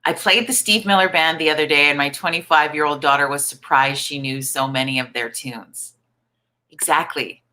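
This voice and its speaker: A woman in her forties hosts a live online coffee chat, croaky from the morning. Her voice sits low, yet it is bright and forceful, and she chats along in an upbeat way. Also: steady tone, normal speed. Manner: chatty, upbeat, reads viewer comments aloud. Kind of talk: casual live-stream chat.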